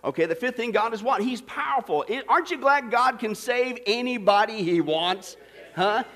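A man's voice: extremely high pitch, normal speed. A male pastor preaching a sermon, telling a joke with laughs and quizzing the congregation with questions. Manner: lively, laughing storyteller, asks the crowd questions.

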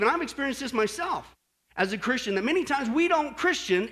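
A man preaching a sermon as pastor, animated, often asking the congregation questions and adding friendly "okay?" asides. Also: extremely high pitch.

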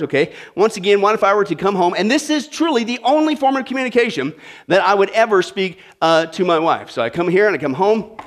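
A man with a high voice preaches a sermon. He is animated and humorous, and he often checks in with his listeners as he goes. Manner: animated, humorous, talks straight to the audience. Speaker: pastor.

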